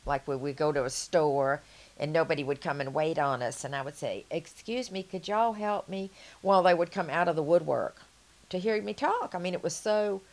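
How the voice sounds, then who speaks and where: A woman's voice: low voice, a little fast, darkish tone. An older woman with a Southern US accent, chatting frankly and laughing easily in an oral-history interview.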